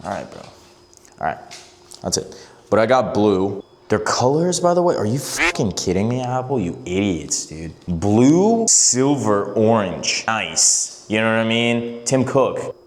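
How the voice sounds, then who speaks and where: A man's voice: lowish voice, big pitch swings, unhurried. A young man vlogging in casual, rambling talk, joking around and swearing a lot as he drives and shops. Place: in a car, then in a shop and at home.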